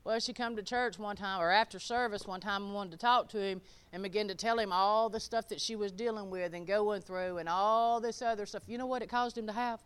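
A middle-aged woman preaching a sermon in a folksy, emphatic way, swinging from loud declarations to quiet, chuckling asides. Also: mid-range voice, fairly even intonation, fairly quick, hardly any pauses, clean tone.

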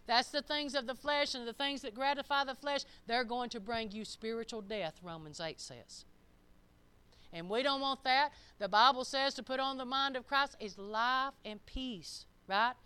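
An older woman preaching a sermon, reading scripture slowly and breaking into plain, folksy, emphatic commentary. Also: high-pitched, bright, forceful tone, clear, resonant tone.

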